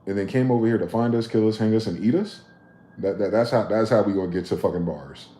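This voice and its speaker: A man in his late thirties, live-streaming a heated, profane, preachy rant whose loudness swings sharply. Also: on the low side, quick pace. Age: late 30s. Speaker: livestreamer. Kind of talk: ranting livestream monologue. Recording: roomy echo.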